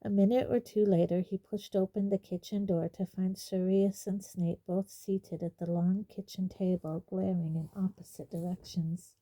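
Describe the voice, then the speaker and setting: A woman narrating a fantasy storybook aloud in a measured, even reading. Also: mid-range voice, rough recording. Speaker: audiobook reader.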